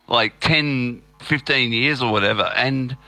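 Aussie guy rambling about films, super bright voice, dry sound. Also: medium pitch, a little slow, dry recording. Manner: rambling, animated, with restarts. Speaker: podcast host. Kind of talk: casual chat.

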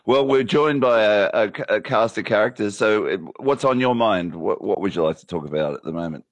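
A man's voice: lowish voice, brisk, no echo, muffled recording. A man hosting a call-in show, greeting callers in a loose, friendly way and stumbling over his words. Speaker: host.

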